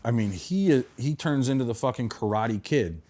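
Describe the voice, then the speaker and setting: A man hosting a podcast, chatting in a relaxed way, swearing freely and laughing often. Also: mid-range voice, normal speed. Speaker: podcast host. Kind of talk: casual podcast chat.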